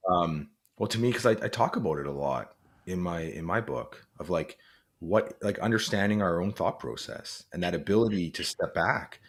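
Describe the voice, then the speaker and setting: A man with a fairly low voice talks as an interview guest. He is earnest and reflective, and his speech is peppered with "like" and restarts. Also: lively intonation, normal speed. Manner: earnest, reflective, frequent "like" fillers. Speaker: guest, former police officer and author. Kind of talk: conversational interview.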